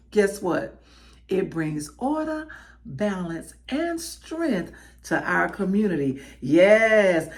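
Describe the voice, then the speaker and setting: A woman from the American South with a Southern accent, hosting her show and talking straight to her listeners. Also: medium pitch. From Miami, Florida. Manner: animated, warm calls to the audience. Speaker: host. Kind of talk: lively show host address.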